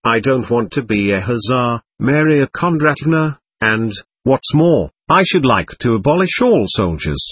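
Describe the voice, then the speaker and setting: A man's voice: medium pitch, sing-song, measured pace, few pauses, fairly bright tone, breathy edge, dry recording, heavily acted. A man voicing a bitter, scornful young servant. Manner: curt, bitter and resentful. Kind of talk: audiobook character reading.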